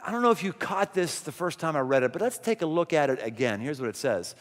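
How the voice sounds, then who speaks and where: A man's voice: fairly high pitch, very animated, fast talker. A man pastor preaching a conversational sermon in a large church, full of rhetorical questions. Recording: long hall reverb.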